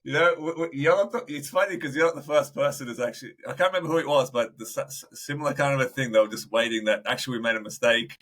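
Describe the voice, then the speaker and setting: A man's voice: medium pitch, fast talker, hardly any pauses, a bit bright. A man co-hosting a casual podcast interview who laughs easily and jokes by acting out quotes. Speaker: podcast co-host.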